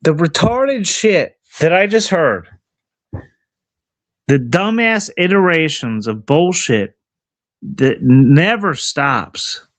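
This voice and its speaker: A man's voice: a little high, big pitch swings, takes it slowly, long pauses. A man livestreaming outdoors in the cold, ranting angrily and profanely at his chat and at himself.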